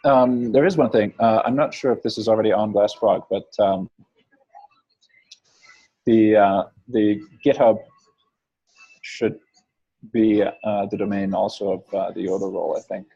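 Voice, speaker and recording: A low man with a gravelly, husky and mellow voice runs a meeting, hedging and humming between his words. The audio is a little dull, like a low-fidelity call. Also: steady tone, a little slow, pauses often, no room sound. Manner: hesitant, many fillers and hums. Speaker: meeting facilitator. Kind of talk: casual meeting talk.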